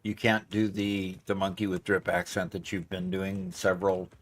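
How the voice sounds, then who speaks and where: A man hosting a gaming stream, easygoing and quick to laugh at himself. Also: sits low, flat delivery. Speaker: streamer host. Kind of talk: casual stream banter.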